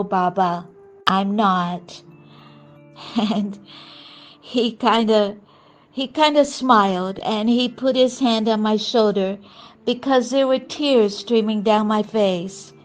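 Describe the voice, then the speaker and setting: Slow, gentle older woman over soft music. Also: on the high side. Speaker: spiritual storyteller. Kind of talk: reflective personal testimony.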